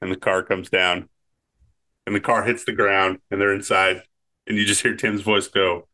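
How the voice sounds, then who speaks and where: Male co-host, slightly low voice, easygoing and conversational, lots of "like" and "um". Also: normal speed. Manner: relaxed, says "like" and "um" often. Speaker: podcast co-host. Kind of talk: casual movie chat.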